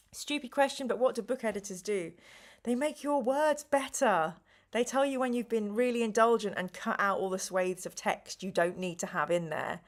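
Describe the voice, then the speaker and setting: A middle-aged woman hosting a live stream, chatting casually and a little slowly because she is tired, with rambling asides and apologies. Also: mid-range voice. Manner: slow, rambling, chatty with frequent ums and apologies. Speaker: live stream host running a gamebook play.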